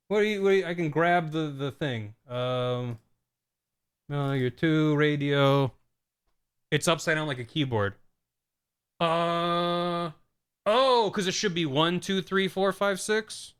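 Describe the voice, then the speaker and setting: Young guy streamer rambling about his own video, lots of ums, kinda high voice. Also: animated, a little slow, a bit bright, clean tone. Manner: rambling, self-deprecating, many fillers and laughs. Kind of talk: casual stream commentary.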